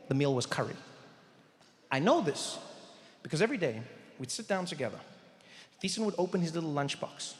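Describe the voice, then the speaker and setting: A man with a South African accent telling an animated stand-up story on a theatre stage, acting out voices with big swings in volume. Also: fairly high pitch, a little hiss or hum. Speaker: stand-up comedian. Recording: echoey hall, live stand-up.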